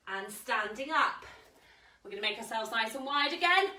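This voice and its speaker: A woman with a high, very lively voice leads a live yoga class for children. She reads a picture book aloud between cheerful, encouraging instructions. Her voice sounds bright and echoes around the room, picked up from a distance. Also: normal speed. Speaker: kids yoga teacher. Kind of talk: live kids yoga class with story reading. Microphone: live stream camera mic at a distance.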